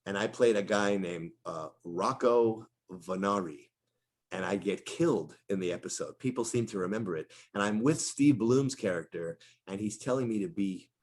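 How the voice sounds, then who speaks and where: A middle-aged male voice actor with a lowish voice talks at a moderate pace. In a casual interview he tells stories with animation, slipping into character voices as he goes.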